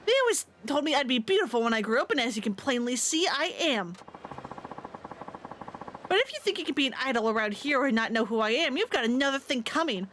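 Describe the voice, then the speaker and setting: A woman's voice: high voice, lively intonation, fairly quick, fairly bright tone, a little hiss or hum. A woman voicing a haughty, boastful young female rival idol in a snide, bossy way, reading game dialogue aloud on a stream. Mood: scornful.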